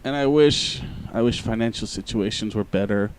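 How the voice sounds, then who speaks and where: A man's voice: on the low side, normal speed, smooth. A man hosting a podcast in casual banter, joking and sarcastic, swearing freely and rattling off sponsor plugs. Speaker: podcast host.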